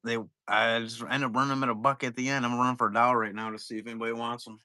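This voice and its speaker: A man's voice: mid-range voice, little pitch movement, racing, sharp tone, no echo. A middle-aged man chatting casually on a live selling stream, rambling through stories, swearing freely and laughing at himself. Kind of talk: casual chat. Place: at home, sitting.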